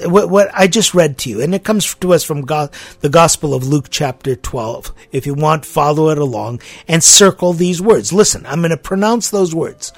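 A man preaching a sermon, emphatic and deliberate, repeating his key phrases for weight. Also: fairly high pitch, expressive, vocal fry, dry recording, soft background music.

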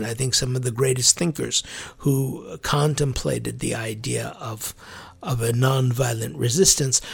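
A man, a church clergyman, giving a reflective sermon-like talk, musing aloud with animated emphasis and laughing at his own slips. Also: mid-range voice, vocal fry, husky.

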